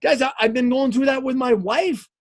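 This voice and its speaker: Man, fitness coach, live-stream pep talk, very high voice, punchy and repetitive. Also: moderate pace. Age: adult, married eighteen years. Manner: energetic and emphatic, repeats words, often asks "okay?".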